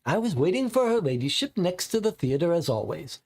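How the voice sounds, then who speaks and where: A young chauffeur in a tabletop game, downcast and anxious, sure the trouble is his fault, as a man voices him. The voice is slightly raised and gravelly. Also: fairly high pitch, big pitch swings, fairly quick, a little mellow, pitched above the performer's own voice. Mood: dejected. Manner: dejected, anxious. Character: young, downcast male chauffeur, guilt-ridden.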